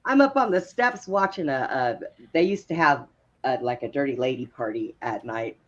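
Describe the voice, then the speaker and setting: A woman's voice: a bass voice, expressive, normal speed. A woman spins casual anecdotes from her years as a police officer, laughing often. She acts out the voices in her stories. The sound is a little muffled and lo-fi. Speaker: guest, former police officer. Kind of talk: casual storytelling on a talk show. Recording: slightly dull, lo-fi sound.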